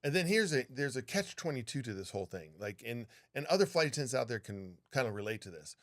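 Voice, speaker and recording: A man co-hosting a podcast, telling a story in casual, animated talk with a lot of swearing. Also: medium pitch, quick pace. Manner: animated, profane, acts out what people said. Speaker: podcast co-host, flight attendant.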